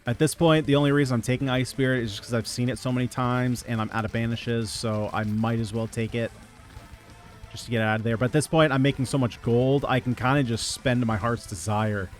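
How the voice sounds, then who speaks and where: A man giving casual gameplay commentary, reading out item picks in a relaxed running patter. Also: mid-range voice, brisk, soft background music. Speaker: gaming video creator.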